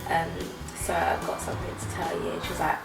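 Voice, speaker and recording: A woman's voice: fairly low pitch, level tone, fast, gravelly. A woman telling a story casually as a vlog co-host, chatty and acting out the voices of the people in it. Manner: chatty, acts out quoted voices. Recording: roomy, distant mic, music behind.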